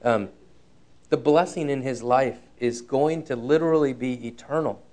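With a mid-range, somewhat dark voice, a man preaches and relates a personal experience. His delivery is frank and earnest, and he slows down to emphasize the key lines.

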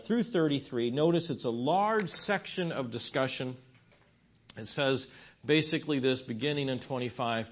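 Folksy male seminar preacher, muffled recording. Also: a little high. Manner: folksy, storytelling, many restarts and asides. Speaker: marriage seminar teacher at a Bible chapel. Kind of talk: conversational sermon teaching. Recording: slightly dull lo-fi recording.

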